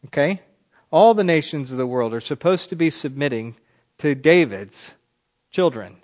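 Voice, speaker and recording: Guy giving a sermon, walks through scripture verse by verse, middle pitch, bit dull lo-fi sound. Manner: expository, reads scripture aloud with rising emphasis. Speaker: preacher.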